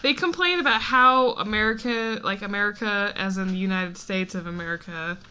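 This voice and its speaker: Bright giggly woman podcast host. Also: mid-range voice, fairly quick, clear, resonant tone. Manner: chatty, giggly, playful ranting. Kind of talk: casual chat.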